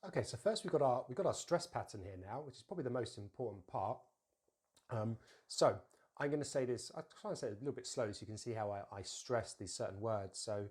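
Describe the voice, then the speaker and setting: A man teaching an English pronunciation lesson, saying model words slowly and repeating them for practice. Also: medium pitch, expressive, a little mellow.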